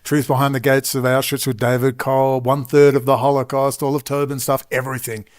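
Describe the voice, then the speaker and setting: A man's voice: medium pitch, flat delivery, fairly quick. A middle-aged man with an Australian accent, telling a long personal story with emphatic asides and frequent digressions. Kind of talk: rambling personal storytelling monologue.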